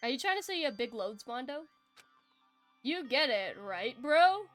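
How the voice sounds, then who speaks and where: A woman putting on a gruff brash biker boss. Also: sits high, big pitch swings, moderate pace, a bit bright, faint music behind. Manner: gruff, swaggering. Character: tough male biker gang leader, brash. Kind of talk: reading game dialogue aloud.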